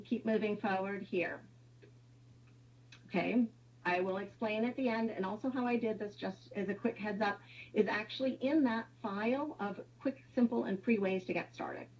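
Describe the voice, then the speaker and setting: A woman's voice: fairly high pitch, lo-fi sound. A woman presenting a webinar, explaining step by step with some fillers.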